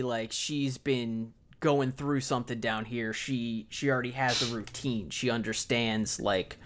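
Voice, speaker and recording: A man in a relaxed movie-review chat, talking at an ordinary middle pitch. He recaps scenes in an animated way and drops into quick impressions of the characters, swearing freely as he goes. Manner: animated retelling, acting out lines with swearing. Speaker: podcast co-host.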